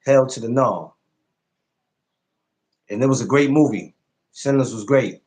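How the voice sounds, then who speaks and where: Hosting a live podcast stream, this man talks with a measured pace and a darkish tone, yet stays casual and lively. Profanity comes easily to him, and he jumps way up in pitch to ridicule things.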